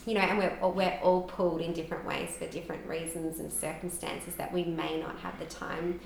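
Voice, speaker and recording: A woman's voice: on the low side, level tone, a little fast, gravelly. A woman in her thirties, a podcast guest, talking openly and emotionally, with lots of "like" fillers. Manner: frequent "like" fillers, open and emotional. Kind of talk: candid conversational storytelling. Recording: roomy echo with faint background noise.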